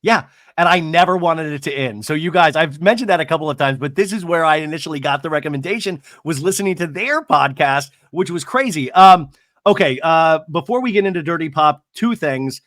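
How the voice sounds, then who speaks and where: A man with a somewhat raised pitch hosts a podcast, chatting eagerly and peppering his talk with ums and uhs. The sound is close and dry, with no room around it. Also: lively intonation, fairly quick, fairly bright tone, dry recording. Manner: chatty and enthusiastic, many fillers. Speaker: podcast host. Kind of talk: casual interview chat.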